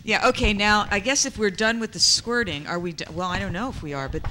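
A woman hosting a live show, talking in a playful, teasing way with halting fillers. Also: mid-range voice, sharp tone. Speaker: host. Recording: crowd noise behind.

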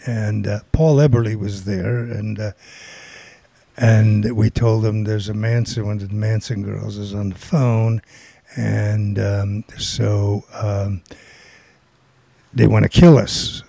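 Gravelly older man telling a story. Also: lowish voice, slow, no room sound. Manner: rambling, animated storytelling with quoted voices. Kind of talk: casual anecdote telling.

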